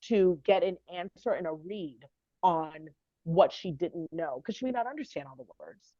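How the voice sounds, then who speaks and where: A woman guest on a podcast interview, telling a personal family story in an earnest, heartfelt, halting way. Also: on the low side, animated, dark tone, dry recording, highs cut off.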